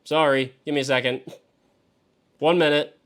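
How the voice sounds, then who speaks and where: A man hosting a live stream as he works through a mock draft, talking to himself and swearing freely. He swings between exasperated yelps and low mutters. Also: fairly even intonation, moderate pace, fairly bright tone, smooth. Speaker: fantasy football show host. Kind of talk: live-streamed solo commentary.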